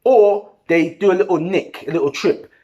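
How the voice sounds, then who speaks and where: A man's voice: high-pitched, normal speed, dull audio. A man giving a heated, slangy post-match football reaction, talking to the camera. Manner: animated, heated, slangy and repetitive. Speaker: football fan vlogger.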